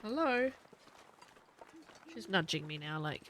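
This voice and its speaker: A woman's voice: medium pitch, expressive, normal speed, sharp tone. A woman chatting casually while she plays a video game at home, thinking aloud and talking to her dog. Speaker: gaming video creator. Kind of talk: casual gameplay commentary.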